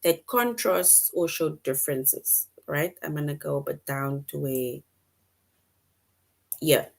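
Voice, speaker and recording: During an online lesson for kids, a patient woman reads sentences aloud slowly and distinctly in a low voice. She frequently checks in by asking "right?"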